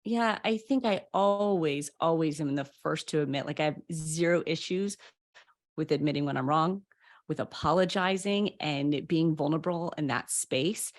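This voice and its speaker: A woman's voice: deep voice, normal speed. A woman coach and author, a guest on a podcast, speaking openly and candidly with many "you know"s and "like"s. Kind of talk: conversational interview.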